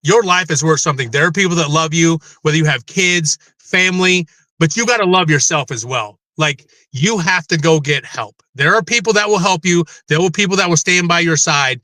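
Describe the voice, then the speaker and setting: A man's voice: a little high, fairly quick, bright, forceful tone, no room sound. A middle-aged man speaking as a guest in a candid interview, rambling, emotional and swearing freely.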